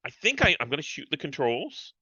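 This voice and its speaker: A man's voice: on the high side, big pitch swings, fairly quick, pushed and bright, slightly rough, dry recording, lo-fi sound. A man playing a tabletop role-playing game, hesitant and full of fillers as he describes his actions. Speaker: player. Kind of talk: tabletop game play, casual chat.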